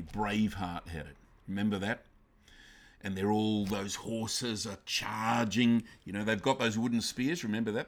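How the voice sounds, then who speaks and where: A male pastor preaching a sermon emphatically, swinging from loud bursts down to quiet, intense lines. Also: fairly low pitch.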